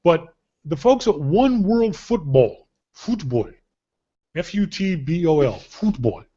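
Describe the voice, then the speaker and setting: Guy hosting a podcast, kinda high voice, joking around, muffled lo-fi audio. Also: a little slow. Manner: joking, animated storyteller. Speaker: podcast host. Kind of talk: casual gift-guide chat.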